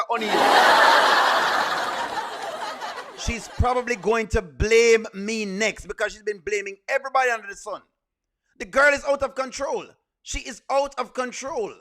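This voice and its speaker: A man commenting on a comedy skit in a reaction video. His voice sits high and sounds bright and forceful. He scolds emphatically and repeats himself for effect.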